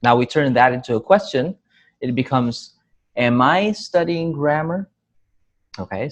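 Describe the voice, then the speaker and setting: Slow, patient male English teacher. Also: medium pitch. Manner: clear and patient, says example sentences aloud with rising and falling intonation. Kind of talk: grammar lesson.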